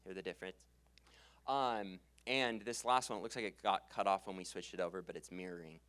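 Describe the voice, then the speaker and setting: A fairly low-voiced young man runs a sales seminar in front of a live audience. He talks with energy, laughs easily and brings every sentence down at the end. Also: fairly even intonation, fairly quick, fairly bright tone, no echo. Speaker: sales trainer. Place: conference room with live audience. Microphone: handheld stage mic.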